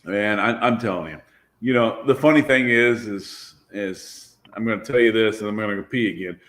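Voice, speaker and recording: A man's voice: fairly low pitch, moderate pace, fairly bright tone. A man, a drag racer and guest, telling a story about his car in a loose, self-deprecating way, laughing and swearing as he goes. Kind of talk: casual storytelling.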